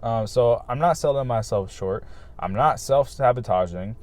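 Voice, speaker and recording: A man's voice: mid-range voice, moderate pace, a little mellow. A young man talking candidly outdoors in a casual vlog, swearing freely and circling back with lots of fillers and repeated phrases. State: hiccuping. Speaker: vlogger. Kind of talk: casual rambling monologue to camera. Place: outdoors, just outside his home.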